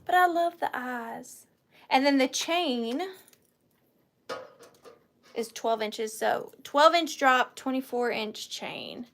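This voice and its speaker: A woman chats through an online auction, playful and self-mocking as she shows each item and counts down the bids. Her voice sits a little high, and she takes her time. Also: slow, gravelly, long pauses, fairly bright tone. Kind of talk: live auction chat.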